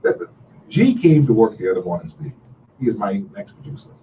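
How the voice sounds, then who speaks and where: Animated radio host, lo-fi. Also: male voice, on the low side, brisk, far from the mic, slight background noise. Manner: animated, repetitive, folksy storytelling. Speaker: radio talk show host. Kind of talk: casual call-in radio talk.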